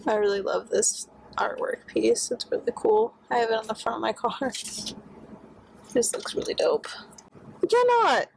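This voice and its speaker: Young woman, high-pitched, loose rambling vlog talk full of fillers and swearing, recorded on a phone. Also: very animated, normal speed, vocal fry, pauses often, slight background noise, low-quality recording. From Texas. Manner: rambling, lots of "like" fillers, swears freely when annoyed. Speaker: vlogger. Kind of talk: casual vlog chat. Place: in and around her car, partly outdoors. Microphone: phone camera set down nearby.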